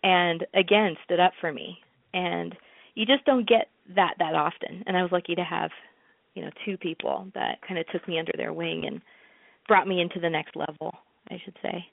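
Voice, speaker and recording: A woman's voice: on the low side, steady tone, normal speed, vocal fry, no room sound. A woman, a guest in an interview, chatting casually and telling stories with many fillers. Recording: tinny phone-like line.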